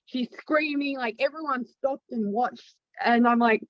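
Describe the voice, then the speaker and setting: A woman's voice: sits high, unhurried, no room sound. Chatty Australian woman, dry dull audio. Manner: chatty storyteller, uses casual slang. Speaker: guest, actress and producer. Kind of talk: casual podcast chat.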